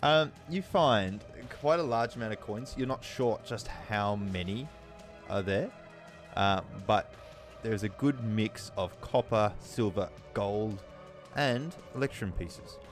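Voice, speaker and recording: A somewhat low-voiced man running a tabletop game, leisurely and descriptive, trailing into ums as he sets each scene. Clear background music plays under his narration. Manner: unhurried, descriptive, with frequent ums. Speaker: dungeon master.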